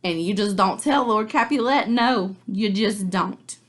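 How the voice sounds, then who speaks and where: A woman's voice: mid-range voice, measured pace, natural voice. A woman voicing Lady Capulet, a cold noble mother who talks in a sassy, dismissive way.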